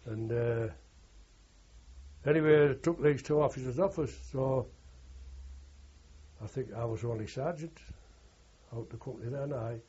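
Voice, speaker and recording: A man's voice: medium pitch, measured pace, pauses often, mellow, breathy edge, lo-fi sound. An older man, a war veteran, telling rambling anecdotal recollections in an interview. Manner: rambling anecdotal, frequent "you know" and "like". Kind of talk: oral history recollection.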